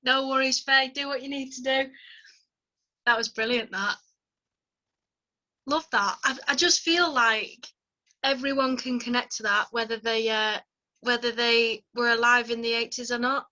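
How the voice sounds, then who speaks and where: A woman's voice: on the high side, fairly even intonation, measured pace, long pauses, sharp tone, lo-fi sound. A woman hosting an online open mic, effusive and enthusiastic in her praise, heard over a video call.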